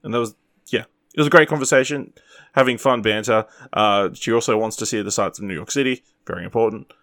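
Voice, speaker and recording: A man with a fairly low voice talks casually as a podcast co-host, rambling along with plenty of fillers. The sound is dry and close. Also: fast talker, no room sound. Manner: relaxed, rambling with fillers and laughs. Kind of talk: casual chat.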